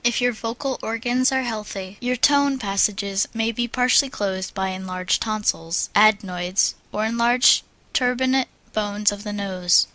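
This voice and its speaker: A woman's voice: medium pitch, unhurried, bright, forceful tone, poor audio. Woman reading a speaking guide aloud. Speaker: audiobook narrator. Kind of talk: scripted audiobook narration of a speaking guide.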